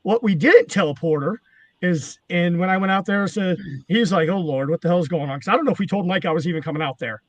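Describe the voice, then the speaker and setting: A man's voice: sits high, animated, quick pace, no echo. A man, a former wrestling manager, telling rambling, profane stories in casual chat. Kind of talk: casual storytelling.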